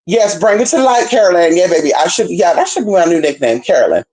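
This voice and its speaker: A woman from California talking casually to her viewers as a spiritual reader, sassy and chatty, calling them baby and girl, dropping to low murmurs and jumping up to high squeals. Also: animated, fast, mellow.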